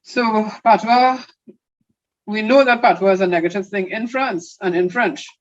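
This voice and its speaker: Animated interviewee; muffled, lo-fi audio. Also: mid-range voice, a little slow, no echo. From Trinidad and Tobago. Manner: animated, mimics others in quoted asides. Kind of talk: interview talk.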